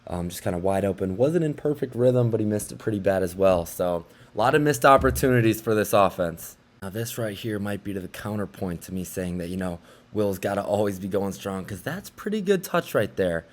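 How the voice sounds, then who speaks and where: A young man casually recapping basketball highlights like an excited fan commentator. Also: brisk.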